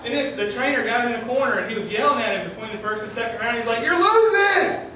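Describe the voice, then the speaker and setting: High-voiced preacher in an echoey hall. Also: male voice, racing, a little hiss or hum. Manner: animated storytelling, shouting quoted lines. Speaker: pastor. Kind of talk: sermon. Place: church sanctuary. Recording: echoey church hall, mic at a distance.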